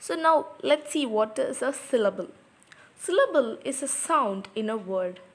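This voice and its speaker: Her voice is on the high side, with lively intonation and an unhurried pace. She patiently walks students through a poetry lesson, repeating example words, and her English grammar is non-native.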